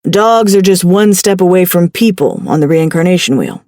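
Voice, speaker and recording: A woman voicing a gentle older man, a loving uncle who speaks softly and consolingly. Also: on the low side, expressive, normal speed, no room sound, clean studio sound. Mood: gentle explaining. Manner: soft, tender, consoling.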